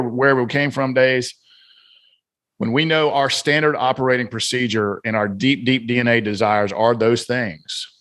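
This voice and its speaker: On a casual podcast, a man from Atlanta, Georgia, appearing as a guest author and coach, lectures earnestly and with emphasis. His voice is medium in pitch with a fairly bright tone.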